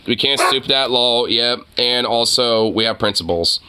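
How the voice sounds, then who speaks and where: A man's voice: mid-range voice, measured pace, noisy background. A man hosting his own channel, rambling through a casual, profane commentary rant and laughing often. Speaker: channel host.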